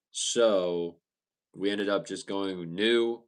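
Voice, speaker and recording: Low-voiced young man chatting on stream. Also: slow. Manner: relaxed, chatty, many restarts and stumbles. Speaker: livestream host. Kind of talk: casual live chat reading viewer comments.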